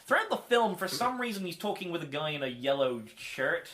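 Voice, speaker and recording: Bright, wry man. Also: a little high, sing-song, fairly quick. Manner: wry, argumentative. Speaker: podcast co-host. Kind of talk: casual movie debate chat.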